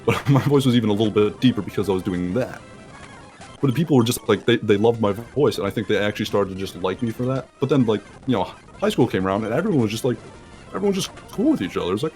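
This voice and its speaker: A man's voice: lowish voice, animated, fast talker, darkish tone. Young male host, casual rambly chat, lots of likes and acted-out quotes, faint music under it. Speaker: let's play host. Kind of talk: casual chat over a voice call.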